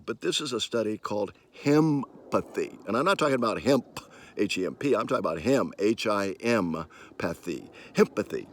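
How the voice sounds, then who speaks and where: An older man giving an emphatic opinion monologue, his voice swinging from quiet asides to sudden loud, high bursts. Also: no echo. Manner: animated and emphatic, with sudden rises in pitch and loudness. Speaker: commentator.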